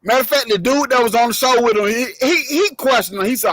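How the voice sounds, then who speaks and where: A man's voice: very high-pitched, fast, fairly bright tone, no room sound, low-quality recording. A man hosting a casual sports talk show, arguing emphatically and profanely about college football. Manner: emphatic, profane, repeats himself.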